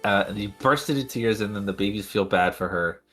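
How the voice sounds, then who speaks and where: A man's voice: fairly low pitch, a little fast, a bit bright, soft background music. A man co-hosting a podcast in casual chat, laughing often, swearing freely and rambling with fillers. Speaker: podcast co-host.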